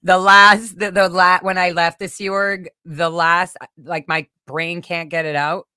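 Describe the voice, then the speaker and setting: A woman host in easy, casual conversation, with a bright, forceful voice pitched a little low for a woman. She talks animatedly in rushed bursts, restarting her sentences and swearing freely. The recording is dry, with almost no room sound. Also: level tone, smooth, no echo. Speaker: podcast host.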